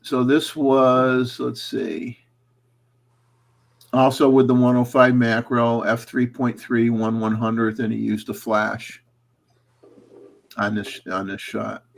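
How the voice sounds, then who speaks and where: A man's voice: medium pitch, slow, vocal fry, pauses often. Easygoing male livestream host. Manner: relaxed, chatty, reads out camera settings. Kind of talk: casual chat.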